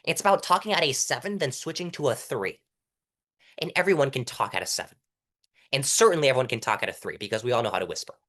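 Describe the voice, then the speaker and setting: Lively young man coaching courtroom delivery. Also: medium pitch, fast. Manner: animated, demonstrates delivery by reciting lines at different volumes. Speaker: interview guest, mock trial competitor. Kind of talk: casual coaching interview.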